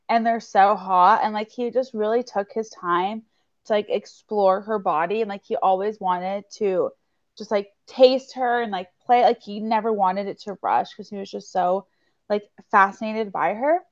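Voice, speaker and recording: A woman's voice: mid-range voice, moderate pace. Chatty young woman on a dull lo-fi mic. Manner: chatty, enthusiastic, heavy use of "like". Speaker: podcast co-host. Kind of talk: casual book-club chat.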